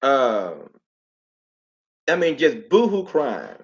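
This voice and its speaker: A man hosting a casual livestream talk, telling stories with lots of repeated phrases and animated asides. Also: mid-range voice, extremely slow, lo-fi sound. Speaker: host.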